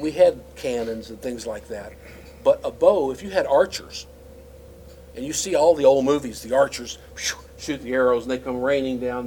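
A man's voice: medium pitch, a little mellow, slight background noise, rough recording. A man teaching scripture in a conversational, explanatory way, with frequent fillers and restarts. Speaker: Bible teacher.

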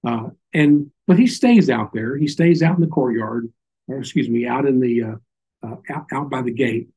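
An older Southern man delivers an informal sermon, a folksy Bible teaching packed with little stories and asides. His voice sits at medium pitch with a dark, breathy tone, and he moves at a moderate pace. The recording quality is low.

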